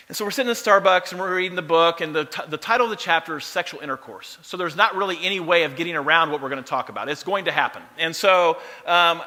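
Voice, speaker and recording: A man's voice: on the high side, pushed and bright. A man in his thirties telling a funny family story from the stage, playful and self-mocking. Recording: long hall reverb.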